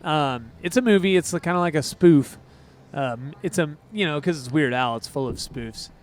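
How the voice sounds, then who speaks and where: A man co-hosting a casual music podcast, talking in an excitable, rambling way with quick asides. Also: on the high side. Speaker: podcast co-host. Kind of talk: casual chat.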